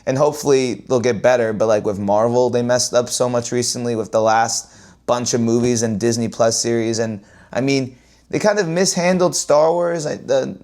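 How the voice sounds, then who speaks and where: A man ranting casually to his viewers as a vlogger, repeating himself and swinging from loud exclaims to low mutters. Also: normal speed.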